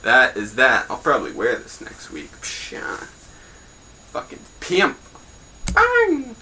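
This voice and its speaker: Young male host, bright tone, offhand crude jokes, casual mock newscast. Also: mid-range voice, sing-song, unhurried, slight background noise, rough recording. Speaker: host of a homemade news show.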